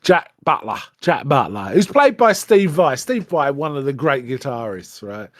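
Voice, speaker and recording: A man's voice: medium pitch, normal speed, no room sound, studio quality. Man casually retelling a film scene. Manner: animated retelling, acting out quoted lines. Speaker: podcast co-host.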